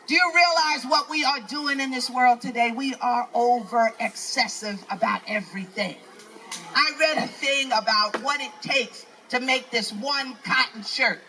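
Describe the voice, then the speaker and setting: A woman's voice: on the high side, measured pace, sharp tone, slight background noise, low-quality recording. An older woman with a New York accent doing a live stand-up set, ranting in a brash, profane, preachy way. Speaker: stand-up comedian. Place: outdoor festival stage.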